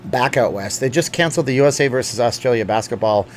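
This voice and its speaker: A man's voice: medium pitch, quick pace, slight background noise. A man from Canada hosting a casual live stream, rambling and jokey, reading out viewer chats.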